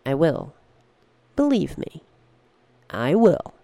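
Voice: medium pitch, gravelly, heavily acted. A narrator doing a cryptic old woman spacer. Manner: calm, cryptic, unhurried. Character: calm mysterious old woman space traveller.

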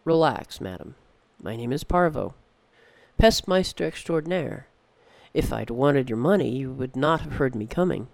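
A narrator voicing a scowling, bragging, middle-aged male pest controller who speaks low and dry. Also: lively intonation, moderate pace, gravelly, no echo. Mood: wry. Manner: dry, wry, low-voiced.

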